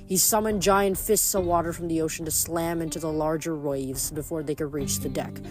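Audiobook-style reader, plain and steady, faint music behind. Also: medium pitch, normal speed. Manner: steady, plain reading with small self-corrections. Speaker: narrator reading a novel aloud. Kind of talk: fan audiobook reading with recap.

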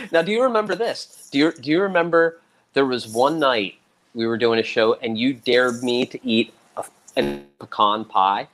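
A man in casual conversation, spinning anecdotes with a lot of lift and fall in his pitch. He gets animated and raises his voice when he acts out quotes. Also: a little slow, rough recording. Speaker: guest musician. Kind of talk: casual storytelling.

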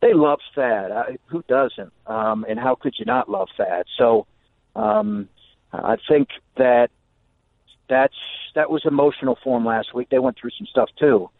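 Man speaking haltingly over a phone line. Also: medium pitch, very animated, gravelly, no room sound. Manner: halting, earnest, many fillers and restarts. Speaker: basketball coach, guest. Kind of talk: phone-in radio interview. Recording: tinny phone line on a radio broadcast.

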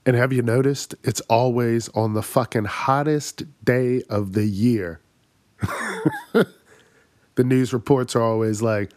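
A man's voice: medium pitch, lively intonation, slow pace, a little mellow, dry recording, clean studio sound. A man hosting his own comedy podcast, ranting in exasperated, profane bursts and laughing at his own jokes. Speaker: podcast host. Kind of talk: solo comedic rant.

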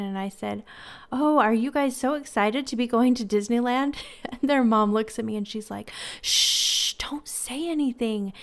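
A woman's voice: mid-range voice, smooth. A woman hosting a podcast, reading listener stories aloud in a casual chat with frequent laughs. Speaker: podcast host.

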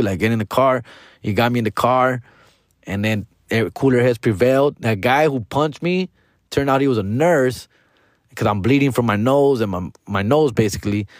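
A man's voice: fairly low pitch, normal speed, dry recording, studio quality. Profane, slangy comedian man telling stories. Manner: profane slangy banter, calling listeners fool and dog. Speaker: stand-up comedian podcast host. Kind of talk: casual storytelling monologue.

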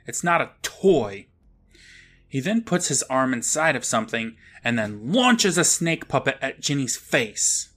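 A man's voice: medium pitch, very animated, normal speed, hardly any pauses, sharp tone. A man co-hosting a podcast, wryly narrating a TV episode beat by beat. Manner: wry, narrating plot beat by beat. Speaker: podcast co-host. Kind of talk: casual episode recap.

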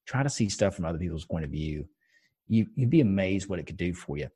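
Blunt, husky-voiced man swearing freely. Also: low-pitched, animated, fast, warm tone. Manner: blunt, swears freely, tells stories with passion. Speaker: podcast co-host. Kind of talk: casual chat.

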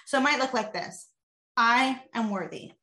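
A woman's voice: a little high, moderate pace, roomy sound. A woman coach explaining a mindset method with energy, acting out examples as she goes. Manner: energetic, demonstrates with body and voice. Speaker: guest coach.

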